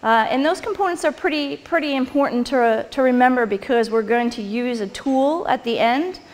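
A woman's voice: sits high, normal speed. A woman presenting to a live audience in a conversational lecture style, chuckling and putting questions to the listeners. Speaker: workshop presenter. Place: hall or meeting room with an audience. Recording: long hall reverb.

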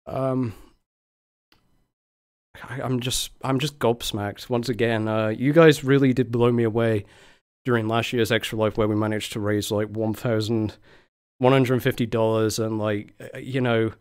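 A man's voice: mid-range voice, fairly even intonation, a little slow, a little mellow, clean tone. A young man streaming live, out of breath and exhausted, chatting casually with sighs between thanks. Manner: breathless, sighing, grateful and laughing.

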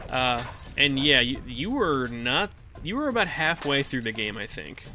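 A man's voice: medium pitch, sing-song, a little slow, bright, forceful tone, soft background music. A man casually commenting while he plays a video game, chatty and swearing now and then while answering chat. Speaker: let's play streamer.

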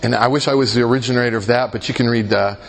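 A man with a husky voice teaches a Christian workshop at a convention. He talks conversationally, checks in with his listeners through rhetorical questions, and pokes fun at himself. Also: medium pitch, steady tone, very fast. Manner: engages listeners with rhetorical questions and self-mocking jokes. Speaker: workshop leader.

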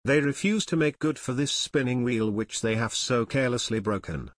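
A man's voice: mid-range voice, normal speed, no echo, clean studio sound, lightly acted. A man voicing an indignant woman shop manageress with a French accent, in a clipped, haughty manner. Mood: commanding. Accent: French, put on.

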